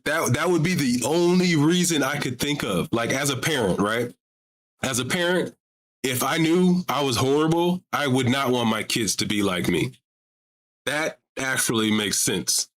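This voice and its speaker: A man's voice: medium pitch, a bit bright. A man hosting a live call-in stream about religion, talking casually and pressing his audience with repeated rhetorical questions. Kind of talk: casual livestream talk.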